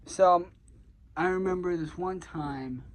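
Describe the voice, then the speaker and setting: A man's voice: high voice, slow pace, a little hiss or hum, rough recording. Rambling young man telling a story. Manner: rambling, filler-heavy, profane, gets heated. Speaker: vlogger. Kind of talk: casual storytelling.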